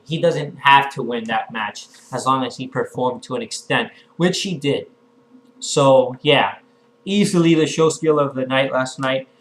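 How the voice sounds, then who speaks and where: Casual man recapping a wrestling show. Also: mid-range voice. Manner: candid and excitable, with frequent restarts and mild swearing. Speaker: wrestling fan vlogger.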